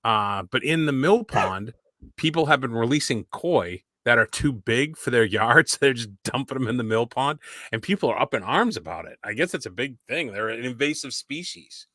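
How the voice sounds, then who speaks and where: A man's voice: medium pitch, normal speed, dry recording, clean studio sound. A man, co-hosting a podcast in casual chat and telling rambling anecdotes. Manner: rambling anecdotal storyteller, relaxed. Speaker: podcast co-host.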